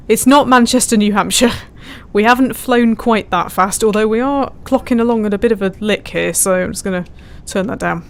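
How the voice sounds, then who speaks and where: Woman streamer, chatty and giggly, reading chat out loud. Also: medium pitch. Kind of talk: casual live-stream commentary.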